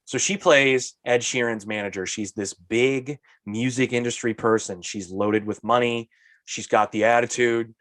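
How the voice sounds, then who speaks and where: Exasperated, animated man ranting in a podcast. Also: mid-range voice, unhurried, no echo. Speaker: podcast co-host. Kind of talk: casual chat.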